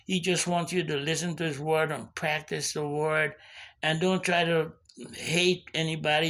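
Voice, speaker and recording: A man's voice: fairly high pitch, creaky, pushed and bright. A man telling a personal story as a sermon, in an earnest, conversational way with many restarts. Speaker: preacher giving a testimony. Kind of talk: sermon-style personal testimony.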